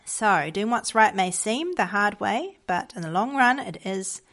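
Woman gently reading a storybook aloud. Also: mid-range voice, expressive. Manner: gentle, measured storybook reading with voiced dialogue. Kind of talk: read-aloud moral story.

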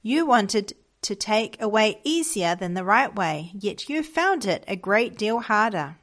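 A kindly, stern father from an old-fashioned storybook, voiced by a woman reading aloud. He speaks calmly and firmly, with his pitch lifted a little above ordinary talk. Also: unhurried. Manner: calm, firm and kindly. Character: kind, stern boyhood father, older man.

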